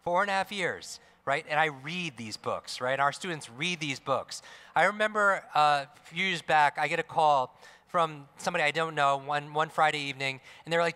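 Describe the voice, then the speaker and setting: Middle-aged guy hyping a crowd at an expo, keeps asking "right?", bright punchy voice, big hall echo. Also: fairly high pitch, brisk, smooth. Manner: energetic, asks the crowd questions, tag "right?". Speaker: motivational speaker. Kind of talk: live stage talk to an audience. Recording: long hall reverb.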